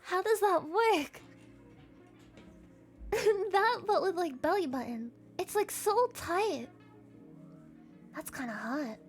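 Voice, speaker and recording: A woman streamer with an extremely high voice chats unhurriedly to her live audience from a home setup. She giggles constantly, rambles, and swears freely. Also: lively intonation, slow, pauses often, soft background music. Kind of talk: casual live-stream chat.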